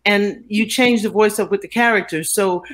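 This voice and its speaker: Older woman, actress, interview guest, animated storyteller, plays out quoted voices. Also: medium pitch, normal speed.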